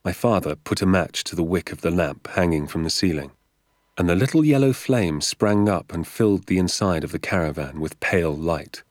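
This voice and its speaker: A man reading a story aloud in a calm, measured narrating voice. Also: sits low, no room sound, clean studio sound. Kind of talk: audiobook narration.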